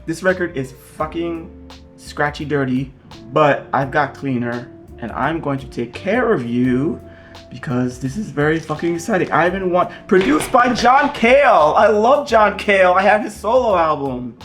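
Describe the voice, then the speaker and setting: A man hosting a casual vlog as he unboxes vinyl records, excitable and gushing, swearing often. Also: fairly high pitch, unhurried, faint music behind.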